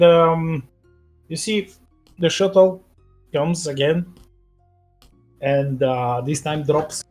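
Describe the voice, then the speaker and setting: A man narrating as game master of a tabletop game over voice chat, halting with many fillers. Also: a little high.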